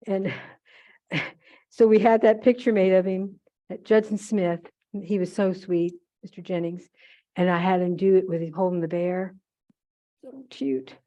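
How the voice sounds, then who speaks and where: An older woman talks warmly and loosely to an audience, and her anecdotes drift from one keepsake to the next. She breaks off mid-phrase and corrects herself often. Her voice is soft and dark, and the archive recording sounds a little muffled. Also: lowish voice. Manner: rambling, fond, frequent asides and self-corrections. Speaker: guest speaker at a museum holiday event. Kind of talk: chatty anecdotal talk to an audience.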